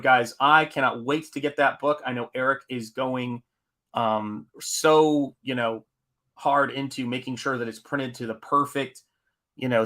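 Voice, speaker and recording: A man hosting a casual live stream, with a bright, forward voice. He rambles through viewer comments, full of ums and asides. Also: mid-range voice. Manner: rambling, reads chat aloud with fillers.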